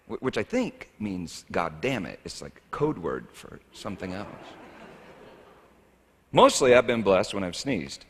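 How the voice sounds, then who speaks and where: Wry, conversational pastor in a reverberant hall. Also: male voice, on the low side, big pitch swings, a little slow, slightly rough. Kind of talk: sermon.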